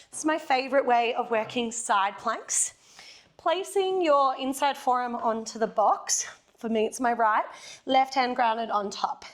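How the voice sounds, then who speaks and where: An Australian woman guides a Pilates class with brisk, encouraging cues and the odd playful joke. Her voice sits a little on the high side for a woman, and she sounds young and easygoing as she counts through the reps. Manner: upbeat coaching cues with playful jokes. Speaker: Pilates instructor. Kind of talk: guided workout instruction.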